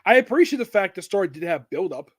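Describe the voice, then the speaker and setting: A man's voice: high-pitched, sing-song, quick pace. A man co-hosting a casual comic book discussion, rambling and hesitant with many restarts. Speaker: podcast co-host.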